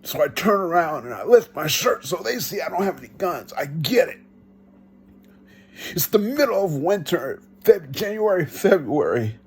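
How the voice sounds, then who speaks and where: A man giving an earnest first-person testimony, telling it slowly and reenacting his own pleas. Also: on the high side, sing-song, husky. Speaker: vlogger.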